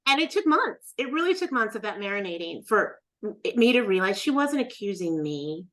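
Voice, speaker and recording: In a casual interview, a middle-aged guest shares a story from her own life at a normal speed, her voice mid-range. She's lively in the telling and voices each person she quotes.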